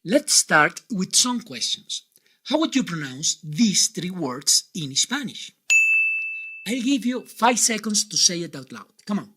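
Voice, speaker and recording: A man teaching Spanish pronunciation in an online lesson, with a clear, deliberate delivery and frequent quiz questions to the viewer. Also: high-pitched, sing-song, sharp tone.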